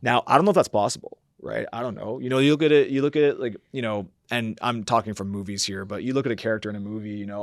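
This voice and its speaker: A man's voice: fairly low pitch, fairly even intonation, fast talker, hardly any pauses, no room sound, clean studio sound. A man talking as a podcast guest, reflecting at length with many fillers and acting out his own quoted thoughts. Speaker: podcast guest, company founder. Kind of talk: reflective conversational interview.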